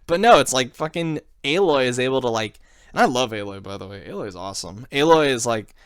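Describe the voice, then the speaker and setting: A man hosting a casual podcast chat, talking excitedly and rambling with lots of swearing. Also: mid-range voice, a little fast, smooth, no room sound, studio quality. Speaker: podcast host.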